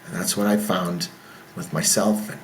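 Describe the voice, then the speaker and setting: A man's voice: low voice, normal speed, slight background noise. Man telling a story with frank casual talk. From military veteran. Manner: animated storyteller who acts out dialogue. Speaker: podcast guest, business founder.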